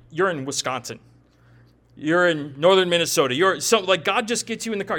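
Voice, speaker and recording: A man preaching a sermon in a conversational, animated way, often acting out quoted dialogue. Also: high voice. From Upper Midwest of the United States. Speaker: pastor.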